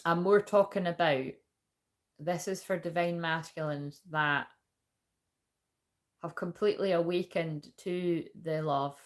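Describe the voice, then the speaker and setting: Woman tarot reader, lower-pitched voice, rambling and chatty with frequent swearing; casual spiritual reading. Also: fairly even intonation, a little slow, pauses often.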